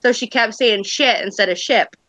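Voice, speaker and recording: A woman's voice: fairly high pitch, normal speed, a bit bright, dry recording. A woman in her thirties hosting a livestream, chatting casually and rambling through stories. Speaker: livestream host. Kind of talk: casual chat. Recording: dull lo-fi stream audio.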